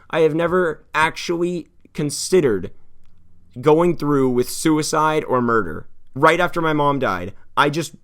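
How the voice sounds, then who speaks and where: A Californian man in his twenties, a YouTuber, talks in an earnest confessional vlog, rambling and heartfelt. He swears often and swings between hushed and heated, with a voice on the high side.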